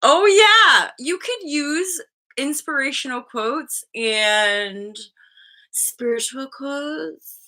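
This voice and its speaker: A woman's voice: high voice, drawn-out words, pushed and bright. A woman in her thirties hosting a casual live-stream chat, bubbly and laughing often, swearing freely and acting out voices as she tells stories. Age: 30s. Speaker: host.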